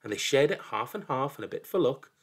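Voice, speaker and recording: A man narrating a folk tale in an expressive, dramatic storybook reading that drops into hushed lows. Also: fast, husky.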